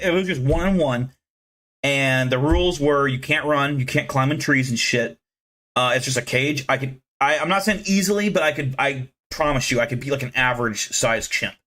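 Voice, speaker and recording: A man's voice: mid-range voice, fairly bright tone. A young American man hosting a casual livestream, boasting and swearing as he rambles to his chat. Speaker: livestream host.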